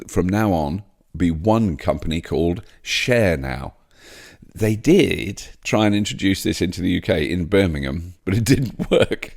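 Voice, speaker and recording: A man's voice: sits low, a little mellow. A man hosting a solo podcast, rambling and self-mocking with frequent laughs. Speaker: podcast host.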